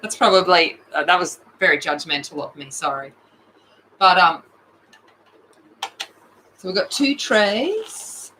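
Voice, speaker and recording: Slow, bright-voiced Australian woman streamer. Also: fairly low pitch, a little hiss or hum, poor audio. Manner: chatty, rambling, with excited outbursts. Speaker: art livestream host. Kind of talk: casual livestream chat.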